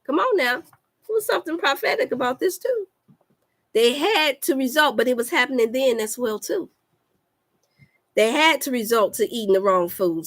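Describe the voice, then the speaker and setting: On a livestream, a woman health coach delivers a fervent, preacher-style talk, repeating lines for emphasis and calling out to her listeners. Her voice is fairly high and a bit bright.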